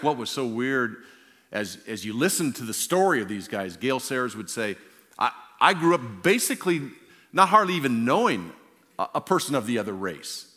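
A man in his sixties, a pastor telling stories in a sermon and swinging from loud to hushed. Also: fairly low pitch. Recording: long reverb of a large hall.

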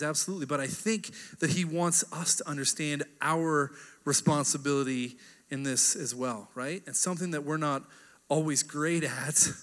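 A man in his thirties delivers a relaxed, talky sermon, tagging his points with "right?". His voice is bright and a bit high. It rings through a large church hall with a long echo. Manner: chatty, keeps asking "right?". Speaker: pastor. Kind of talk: casual conversational sermon.

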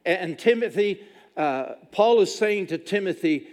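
Guy in his 60s preaching, emphatic and repeating himself, voice a bit high for a man. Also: animated, measured pace, darkish tone. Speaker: pastor. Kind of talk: sermon. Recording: long reverb of a large hall.

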